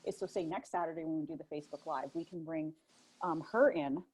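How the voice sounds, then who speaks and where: Canadian woman, very low voice, husky tone, relaxed live-stream co-host chat. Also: quick pace, low-quality recording. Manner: relaxed, thinking out loud, swears in jest. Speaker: podcast co-host.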